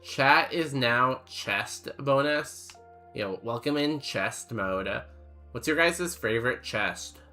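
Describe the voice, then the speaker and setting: Young man, game streamer, unhurried delivery, bright forceful tone, rambling casual chat, faint music behind. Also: mid-range voice, lively intonation. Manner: rambling, filler-heavy, jokey. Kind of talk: casual chat while playing and reading chat.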